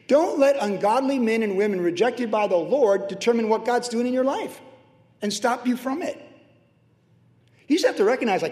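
Here the middle-aged pastor's voice is high and a little mellow, swinging widely in pitch at a brisk pace. His sermon stays conversational and humorous with personal asides, and hall reverb fills the recording.

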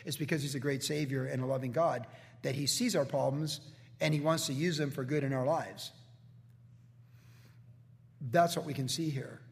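A man's voice: mid-range voice, moderate pace, creaky, pauses often, in a large hall. A man preaching a sermon as a pastor, earnest, now and then quoting scripture figures in character. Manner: earnest preaching, slips into acted quotes of biblical figures.

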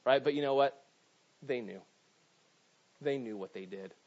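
A man's voice: medium pitch, measured pace, darkish tone. A male pastor preaching a conversational sermon, often repeating words and asking "right?". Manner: conversational preaching, many restarts and "right?" asides. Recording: dull lo-fi sound.

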